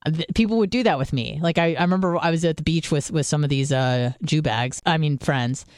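A woman's voice: sits low, a little fast, darkish tone. A young American woman from San Diego chats as a podcast host, spinning stories and swearing freely. She mimics other people's voices as she goes. The sound is close and dry, with no room echo. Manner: chatty storytelling, swears a lot, mimics voices. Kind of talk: casual chat.

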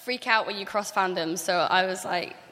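A woman's voice: medium pitch, moderate pace, sharp tone, long reverb tail, a little hiss or hum. A young woman with a British accent, chatting as a guest actor on a live theater stage, laughing often and saying "like" a lot. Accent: British English. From England. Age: young adult. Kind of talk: casual chat on a live stage. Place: theater stage before an audience.

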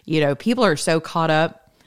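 A woman's voice: sits low, animated, normal speed, smooth. A woman giving a rambling, chatty faith talk, laughing often. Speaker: faith vlogger.

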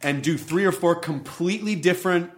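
A man's voice: sits high, a little fast. A male voice actor talking casually in an interview, often restarting his sentences and now and then swearing. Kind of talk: conversational interview.

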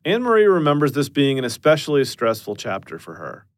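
Man narrating with lively pitch. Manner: measured storytelling with dry understatement. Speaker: podcast narrator. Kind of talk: scripted narration.

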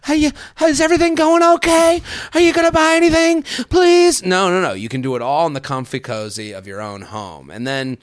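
A man hosting a podcast and doing a jokey, animated sponsor read. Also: no room sound, clean studio sound. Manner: animated and jokey, often jumps up in pitch. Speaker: podcast host.

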